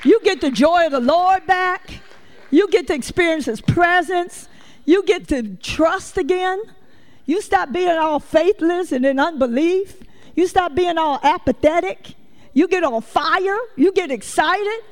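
Speaking unhurriedly in a very high voice, this woman preacher delivers a sermon. Her storytelling is lively and folksy, and she addresses the congregation head-on.

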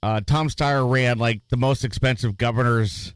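A man's voice: mid-range voice, steady tone, moderate pace, clear, resonant tone, no echo. Jokey guy co-hosting a podcast, mid voice, lots of restarts, dry close mic. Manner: jokey, hesitant, with frequent restarts and sound-effect gags. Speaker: podcast co-host. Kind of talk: casual chat.

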